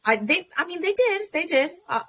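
Woman host, animated chat, acts out quotes. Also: very high voice, moderate pace, slight background noise. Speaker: podcast host. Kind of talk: casual chat.

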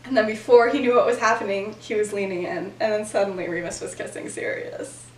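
A young woman casually retelling a story as a podcast host, giggly and animated, with lots of fillers. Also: mid-range voice, a little fast, far from the mic. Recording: echoey room, voice off-mic.

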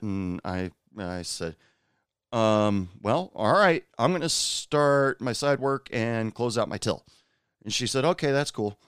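Rambling man with a smooth, dry voice. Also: fairly low pitch, takes it slowly, fairly bright tone, no room sound. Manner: rambling, many fillers, acts out quoted voices. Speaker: restaurant worker. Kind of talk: casual storytelling monologue.

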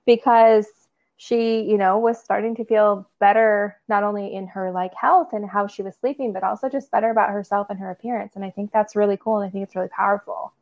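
A woman's voice: mid-range voice, steady tone, a little fast, lo-fi sound. A woman co-hosting a casual podcast as a therapist, chatty, laughing often and using lots of fillers.

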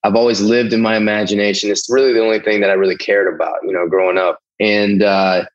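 Low-voiced Southern man telling stories. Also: quick pace, highs cut off. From American South. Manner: animated, rambling storyteller. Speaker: guest, Navy veteran. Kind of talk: casual storytelling.

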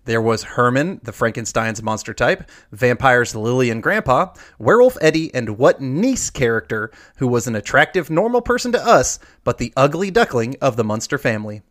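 A man hosting a trivia game, reading questions aloud and drawing out the verdicts. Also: mid-range voice. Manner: lively, drawn-out emphasis on answers. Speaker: quiz host.

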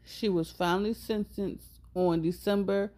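A woman co-hosting a podcast in casual chat, reacting quickly with lively slang. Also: medium pitch. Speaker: podcast co-host.

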